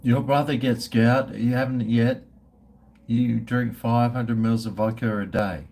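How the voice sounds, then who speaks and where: A man's voice: medium pitch, steady tone, unhurried, vocal fry, darkish tone, a little hiss or hum. A man, chatting casually and profanely with his livestream viewers in a rambling way. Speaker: livestream host.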